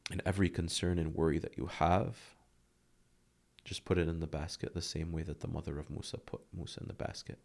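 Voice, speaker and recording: A man's voice: a bass voice, fairly even intonation, a little fast, creaky, darkish tone. A man in his thirties, a guest speaking earnestly and emotionally about his struggles, often dropping to a near whisper. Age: 30s. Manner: earnest, heartfelt, drops to a near whisper at tender moments. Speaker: podcast guest. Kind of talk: emotional interview talk.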